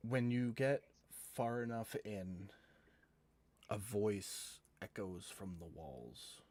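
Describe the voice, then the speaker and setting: A man narrating a tabletop game as game master, relaxed and casual, over an online call. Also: lowish voice, slow.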